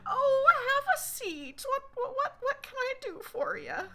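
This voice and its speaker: A woman voicing an old mother in a rocking chair, with a high, fluttery and stammering way of talking. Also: sing-song, unhurried, fairly bright tone, heavily acted. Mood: flustered.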